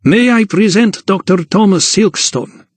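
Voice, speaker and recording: A man's voice: sits high, measured pace, no echo, voice pushed up. A man voicing a small, eager count, a sociable nobleman who greets people in an effusive, familiar manner. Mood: polite.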